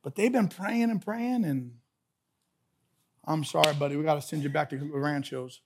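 A male preacher voicing God as a casual older buddy, speaking low and apologetic. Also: normal speed, noisy background, natural voice. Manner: laid-back, apologetic, deep and low. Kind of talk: sermon.

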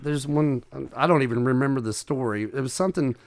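A man's voice: mid-range voice, fairly quick, no echo. A man, a comedian and author, telling funny stories in a casual chat and acting out the people in them. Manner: animated storyteller, acts out quoted voices.

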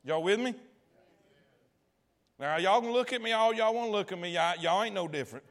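A man preaching a sermon, telling a story in a folksy, colloquial way, swinging from loud to hushed and asking the audience questions. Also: high-pitched, expressive, fairly quick. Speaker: pastor.

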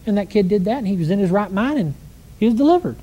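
A man preaching a conversational sermon, telling stories with lively energy and asking the congregation rhetorical questions. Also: sits high, fast talker, breathy edge.

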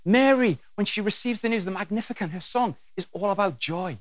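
A man's voice: high-pitched, brisk, few pauses, no echo. A man preaching a sermon with humour, acting out scenes and voices as he goes. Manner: animated and humorous, acting out scenes.

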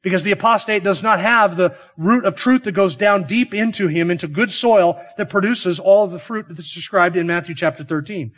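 A man's voice: high-pitched, normal speed, hardly any pauses, fairly bright tone. A man preaching an expository sermon, earnest and emphatic, asking the listeners rhetorical questions. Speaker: pastor.

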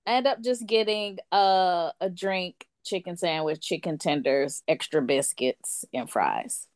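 A woman in a casual chat, telling a story in an animated way and acting out what other people said. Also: on the low side, unhurried, dry recording. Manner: animated, acts out quotes of others. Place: lives in France.

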